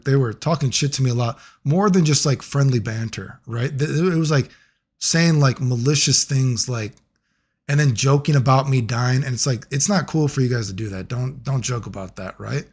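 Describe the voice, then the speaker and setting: A man telling a long personal story in a casual monologue, rambling and profane, getting animated when he quotes other people. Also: medium pitch, slightly rough. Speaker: video creator.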